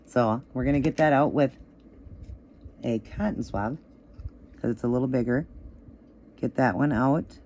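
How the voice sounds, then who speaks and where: A woman walks through a nail art tutorial in a casual, chatty way, with plenty of fillers. Her voice is a little hoarse and crackly. She talks at an easygoing, relaxed pace. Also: rumbling low. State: slightly hoarse, voice still crackly.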